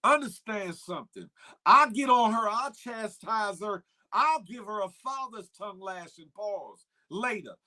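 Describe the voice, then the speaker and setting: A man hosting a casual morning show, emphatic and animated, calling out viewers by name. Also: sits high, measured pace. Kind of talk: casual livestream commentary.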